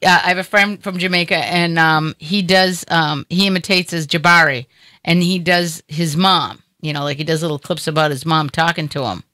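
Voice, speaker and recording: A woman's voice: low-pitched, fairly even intonation, moderate pace, pushed and bright, no echo. A woman hosting a talk show, chatting casually with a guest in a rambling way with many fillers. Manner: chatty, rambling, lots of "you know". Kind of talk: casual interview chat.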